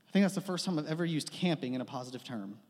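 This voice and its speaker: A man's voice: a little high, lively intonation, racing, a little mellow. A young man preaching a conversational sermon, with self-deprecating humor and repeated phrases. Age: young adult. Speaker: pastor. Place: church sanctuary. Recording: long reverb of a church hall.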